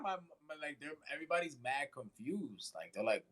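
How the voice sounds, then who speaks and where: A man's voice: high-pitched, brisk, few pauses, poor audio. A man co-hosting a casual podcast, telling a story with lots of swearing and acted-out voices. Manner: animated, swearing, acts out voices in his stories. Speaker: podcast co-host.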